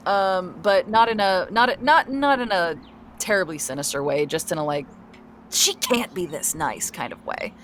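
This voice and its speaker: A woman's voice: medium pitch, a bit bright, slight background noise. A woman running a tabletop role-playing game as game master, narrating in a rambling way with lots of fillers and restarts. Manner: rambling with many fillers and restarts, searching for words.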